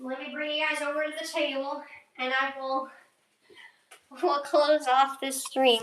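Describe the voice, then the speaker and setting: A woman's voice: high-pitched, normal speed, echoey room, far from the mic, slight background noise. A young woman streaming from her kitchen, rambling and talking to herself as she cooks and eats, swearing casually. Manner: rambling, talks to herself while cooking and eating. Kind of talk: casual livestream chat.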